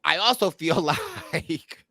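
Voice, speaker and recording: Bright-voiced man rambling in casual chat. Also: a little high, lively intonation, slow pace, gravelly, dry recording. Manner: rambling, restarts, searches for names. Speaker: podcast host.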